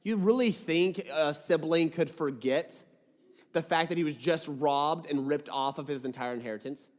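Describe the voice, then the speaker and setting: A man's voice: on the high side, normal speed. A man preaching a sermon, reading scripture aloud and breaking off into jokey, casual asides. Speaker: pastor. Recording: long hall reverb.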